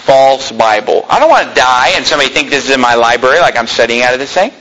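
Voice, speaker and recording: A man's voice: medium pitch, lively intonation, quick pace, sharp tone, rough recording. A man preaching a fiery sermon in a church, combative and sarcastic, quizzing the congregation. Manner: combative, sarcastic, asks the congregation for shows of hands.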